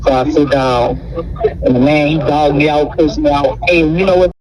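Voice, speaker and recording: A man's voice: a little high, fairly even intonation, moderate pace, distant mic, crowd noise, rough recording. A man with a Louisiana accent, a guest in an interview, telling his story in a casual, streetwise way and acting out the voices of people he quotes. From Baton Rouge, Louisiana. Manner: retells events acting out quoted voices, heavy on "bro" and "you know what I'm saying".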